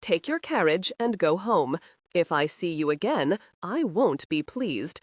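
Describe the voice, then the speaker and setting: Stern protective lord, low menacing delivery, audiobook role read by a woman. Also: big pitch swings, unhurried, no room sound, studio quality.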